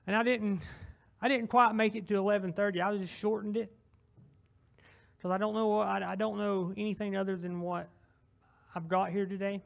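A young Southern man preaching a casual sermon in a high, gravelly voice. He rambles in a folksy, self-deprecating way, stops and restarts his sentences often, and leads straight into a heartfelt closing prayer. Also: flat delivery, moderate pace. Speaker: lay preacher.

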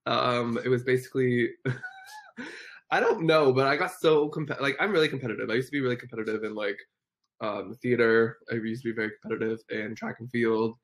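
Giggly young livestreamer with a lively voice. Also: mid-range voice, fairly quick. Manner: giggly and effusive, laughs often; coos in baby talk to a dog. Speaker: livestream host. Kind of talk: casual livestream chat reading viewer comments. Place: at home.

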